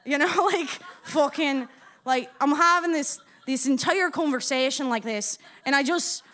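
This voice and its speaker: High-voiced woman telling a story on stage. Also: unhurried. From Florida. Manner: lively, swearing, laughing, rambling. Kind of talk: live storytelling to an audience.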